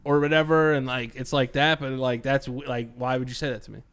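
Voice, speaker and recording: A man's voice: medium pitch, flat delivery, a little fast, fairly bright tone, clean tone. A man co-hosting a podcast, telling a story in casual chat with lots of swearing and quoted voices. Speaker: podcast co-host.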